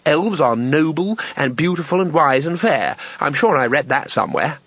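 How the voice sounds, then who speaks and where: A man's voice: fairly high pitch, expressive, normal speed, fairly bright tone, dry recording, muffled recording. A man voicing a naive, earnest male traveller in a storybook. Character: naive, eager male tourist, earnest and defensive.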